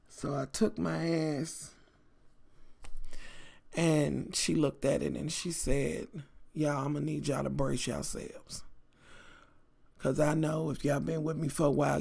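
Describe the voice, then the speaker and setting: A middle-aged woman tells a story to her viewers in a vlog. Her voice is heavily gravelly with fry, and her delivery is animated and salty. She speaks to her audience directly and often calls them y'all. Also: sits low. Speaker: vlogger.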